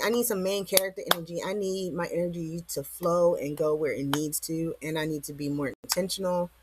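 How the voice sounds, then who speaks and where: A woman's voice: medium pitch, a bit bright, husky, dry recording. Woman vlogger, casual slangy motivational rant, close dry mic. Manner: slangy, rambling, rhetorical questions.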